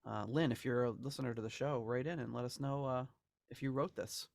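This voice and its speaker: A man talks through music memorabilia in a loose, rambling way, often restarting and laughing. His voice sits at a middle pitch, recorded dry and close. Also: fairly even intonation, a little fast, gravelly, no echo. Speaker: podcast co-host. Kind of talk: casual chat about album memorabilia.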